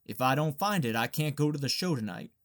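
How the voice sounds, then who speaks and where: A man's voice: medium pitch, animated, a little fast, fairly bright tone, natural voice. A man voicing Luster, a restless, bossy Southern teenage boy with a drawling, scolding way of talking, in an audiobook reading.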